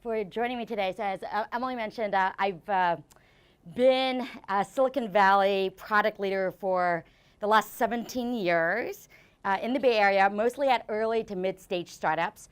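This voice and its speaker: A woman in her forties giving a live conference talk, talking fast with lots of fillers and restarts. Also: mid-range voice, smooth. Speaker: conference speaker. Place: conference venue before an audience.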